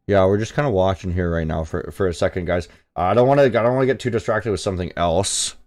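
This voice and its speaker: A young man from Canada hosts a casual live trading stream in a fairly low voice. He talks loosely to his viewers, reads their chat out, and swears freely when the market moves. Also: fast. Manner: profane, excitable, reads chat aloud. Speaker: livestream trading host.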